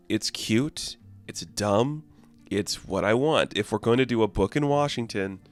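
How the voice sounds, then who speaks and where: A man's voice: lowish voice, clean tone. A man giving a casual, rambling comic book review, full of fillers and amused asides.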